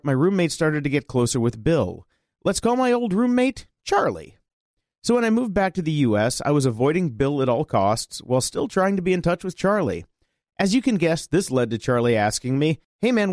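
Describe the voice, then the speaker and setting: A man co-hosting a podcast, reading listener letters aloud in an expressive, animated way. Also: fairly high pitch, dry recording, clean studio sound.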